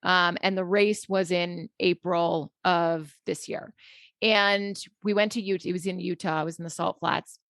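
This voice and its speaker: A middle-aged woman, a psychologist guest, telling a personal story candidly in a relaxed interview. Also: on the low side, measured pace, no echo, clean studio sound. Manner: candid, conversational, many fillers.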